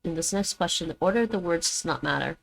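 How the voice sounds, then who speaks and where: A woman's voice: fairly low pitch, lively intonation, quick pace, gravelly, rough recording. A woman streaming her language practice, thinking aloud and repeating words after an app.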